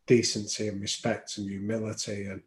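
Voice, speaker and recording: A man's voice: on the low side, level tone, moderate pace, slight background noise. A man telling stories as a podcast guest, reflective and anecdotal, with frequent ums. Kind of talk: storytelling in an interview. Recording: roomy echo.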